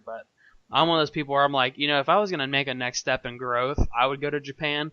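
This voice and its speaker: A man's voice: mid-range voice, steady tone, fast talker, bright, forceful tone, smooth, no room sound, lo-fi sound. A man hosting a wrestling podcast interview in an upbeat, enthusiastic way. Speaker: podcast host.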